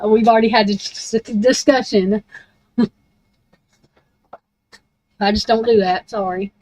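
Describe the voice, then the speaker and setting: A woman's voice: medium pitch, steady tone, a little slow, darkish tone, no room sound, rough recording. A woman in a casual, rambling rant about true crime, blunt and heavy on profanity.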